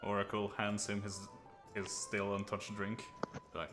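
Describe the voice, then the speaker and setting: A man's voice: lowish voice, monotone, unhurried, music in the background. A man player casually describing his character's actions in a tabletop game. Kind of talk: tabletop role-play narration.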